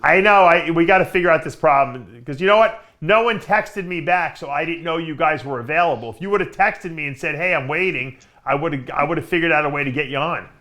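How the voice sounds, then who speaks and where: Podcast host guy, kinda high bright voice, teasing and laughing along. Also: a little fast, hardly any pauses. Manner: laughing, teasing, steering the talk. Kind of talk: casual chat.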